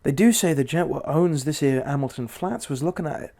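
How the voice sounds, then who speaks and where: A man's voice: on the high side, expressive, fairly quick, gravelly, warm tone. Man doing a deferential Cockney bellboy. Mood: uneasy. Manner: dropped grammar, deferential "sir" after every phrase. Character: young Cockney bellboy, working-class, nervous. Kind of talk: audiobook character voice.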